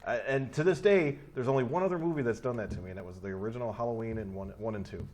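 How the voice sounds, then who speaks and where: A man's voice: medium pitch, rapid-fire, slight background noise. A man co-hosting a movie podcast, telling stories casually with swearing and frequent laughs. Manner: animated storytelling, swearing, laughs often. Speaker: podcast co-host. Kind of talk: casual chat.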